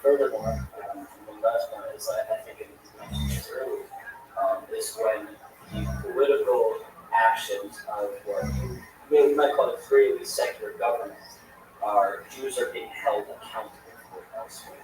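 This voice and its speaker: A man speaking haltingly as a guest in a casual discussion. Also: on the low side, lively intonation, a little mellow. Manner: halting, many fillers. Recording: very echoey room from far off, background noise.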